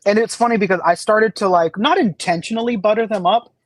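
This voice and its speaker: A man's voice: high voice, a little fast, no room sound. Rambling man telling stories, dry sound. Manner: rambling storyteller, many fillers and restarts. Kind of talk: casual chat.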